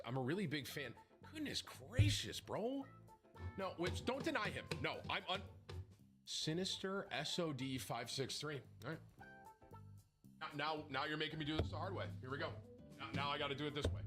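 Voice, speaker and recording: A man's voice: fairly high pitch, animated, fairly quick, over music. A man live-streaming a game, reading viewers' messages aloud in a mocking way.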